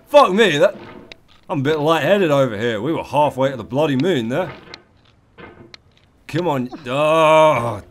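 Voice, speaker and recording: Profane, lively man yelling at a game. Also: a little high, a little slow, pauses often, a little hiss or hum. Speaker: let's play host. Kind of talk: comedic gameplay commentary.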